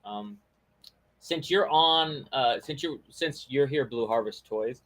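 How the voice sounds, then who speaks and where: A man's voice: mid-range voice, slow pace, a bit bright. Guy hosting a chat show, rambly and friendly, lots of uhs. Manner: rambling, friendly, many fillers and restarts. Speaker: podcast host. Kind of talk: casual chat.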